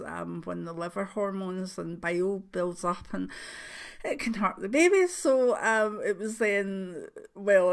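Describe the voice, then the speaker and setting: An older Scottish woman, a grandmother, chatting to her viewers in a rambling, emotional way, with soft laughs. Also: mid-range voice, vocal fry. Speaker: spiritual channel host. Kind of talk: casual chat to camera.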